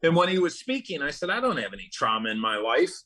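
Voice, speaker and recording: A middle-aged man appears as a guest in a conversational interview, talking earnestly about recovery through personal stories punctuated by bursts of emphasis. His fairly high voice is very animated, fast and sharp, and the recording is rough.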